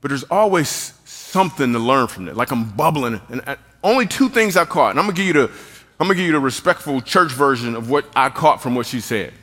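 A middle-aged man preaching a humorous sermon, animated and jokey, acting out what people said. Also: mid-range voice, a little fast. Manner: animated, jokey, acts out quotes. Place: church hall. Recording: long hall reverb.

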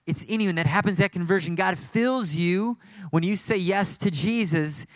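A man's voice: sits high, moderate pace, dry recording. A male pastor preaching a sermon in a conversational, storytelling way, full of asides.

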